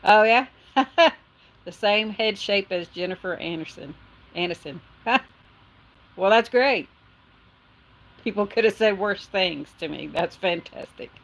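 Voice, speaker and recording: A woman's voice: mid-range voice, measured pace, pauses often, fairly bright tone. A middle-aged woman, chatting casually on a livestream and reading viewer comments aloud with frequent laughs. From Texas. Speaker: livestream host. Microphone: phone.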